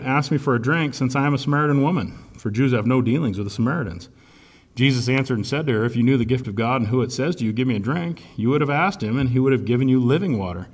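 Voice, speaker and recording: A man's voice: mid-range voice, darkish tone. A man preaching a conversational sermon, reading scripture aloud between casual remarks and often asking "right?" to his listeners. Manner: casual, asks "right?" often, pauses to search for words.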